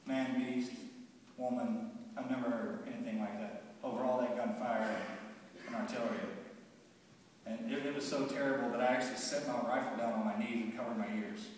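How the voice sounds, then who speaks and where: A man telling his own war story to a live audience in a halting, heavy way, often stopping and repeating words. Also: mid-range voice, steady tone. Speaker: speaker recounting his war experience to an audience. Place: large hall with an audience. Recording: echoey hall, mic far off, faint background hiss.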